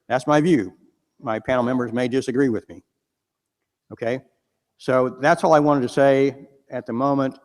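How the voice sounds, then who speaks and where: Deliberate man speaking in a hall. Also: medium pitch. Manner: deliberate, stresses key words. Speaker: attorney speaking at a panel event. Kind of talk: unscripted legal talk to an audience. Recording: long hall reverb.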